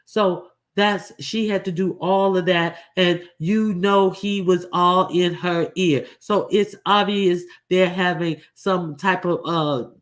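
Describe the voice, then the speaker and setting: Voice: mid-range voice, fairly even intonation, slow, few pauses. A commentator talking casually and bluntly, recounting events with many restarts and fillers.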